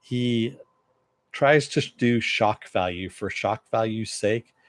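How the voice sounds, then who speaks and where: Guy rambling thru a tv episode recap, kinda low voice, lots of uh and um, dry sound. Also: takes it slowly, no room sound. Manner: rambling, with many fillers; answers viewer chat. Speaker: TV show reviewer.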